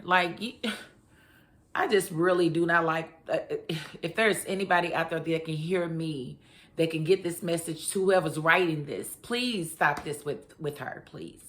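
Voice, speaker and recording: Chatty woman with a low voice. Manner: chatty, animated, slangy. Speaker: TV review vlogger. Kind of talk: casual recap chat.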